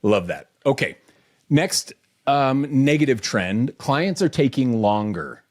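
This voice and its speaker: A man co-hosting a casual podcast. He reads quotes from a report aloud between easy back-and-forth, with a relaxed, conversational delivery at a middling pitch. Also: slow pace. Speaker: podcast co-host.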